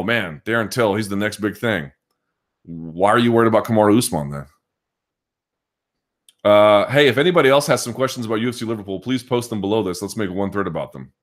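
A man hosting a live podcast chat, thinking out loud and restarting his sentences as he answers viewers' questions. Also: fairly low pitch. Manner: thinking aloud, frequent restarts and hedging. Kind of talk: casual live chat commentary.

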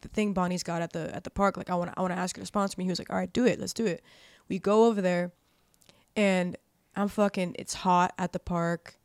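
This podcast guest, a woman in her twenties, spins casual stories packed with curse words and "like," acting out the lines of people she quotes. Her voice is lowish, and the studio sound is clean with no echo.

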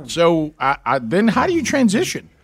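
A man hosting a radio show, telling a rambling story with many restarts and animated impressions. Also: on the high side, normal speed, a loud crowd. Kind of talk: casual storytelling chat.

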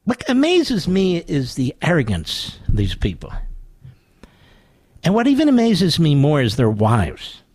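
A man's voice: on the high side, huge pitch swings, unhurried, darkish tone, breathy edge, dry recording. A man hosting a radio talk show, delivering a sarcastic, mocking monologue full of rhetorical asides into a studio microphone.

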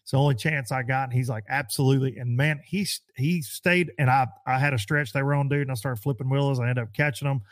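A man chatting on a podcast, telling a fishing story with lively acted-out quotes. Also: fast talker, few pauses, dry recording, clean studio sound. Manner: animated storyteller, acts out quotes in a high voice. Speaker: pro bass angler. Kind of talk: casual podcast chat.

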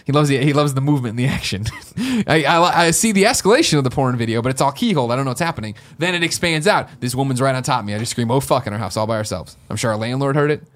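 A young adult man co-hosting a podcast, telling a story in excitable, animated casual chat. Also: mid-range voice, rapid-fire, hardly any pauses. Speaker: podcast co-host.

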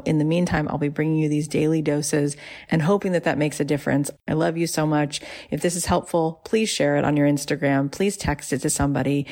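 A woman's voice: sits low, vocal fry, darkish tone. A woman podcast host addressing her listeners directly with an encouraging sign-off.

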